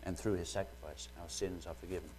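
Low-voiced british guy preaching, joking a bit then reading the bible earnestly. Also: level tone, fast, a little mellow, slight background noise. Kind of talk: sermon.

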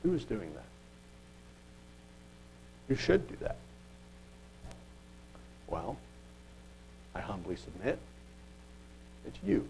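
A man preaching a sermon, reading scripture aloud and asking rhetorical questions, earnest with quiet asides. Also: on the low side, very animated, slow pace, creaky, long pauses, a little hiss or hum, low-quality recording.

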